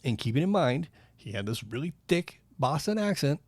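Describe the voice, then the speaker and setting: A man's voice: on the high side, big pitch swings, moderate pace, a little mellow, no room sound. A man co-hosting a casual podcast, telling rambling stories and swearing freely. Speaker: podcast co-host. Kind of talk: casual chat.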